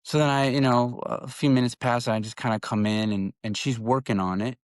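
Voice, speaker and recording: A man's voice: mid-range voice, steady tone, fairly quick, no room sound, studio quality. A man in his thirties co-hosting a podcast, rambling through a story with many restarts. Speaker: podcast co-host. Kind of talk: casual chat.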